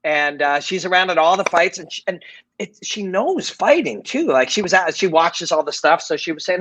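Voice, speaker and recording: A man hosting a casual watch-party chat, chatty and quick to laugh. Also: high voice, animated, a bit bright.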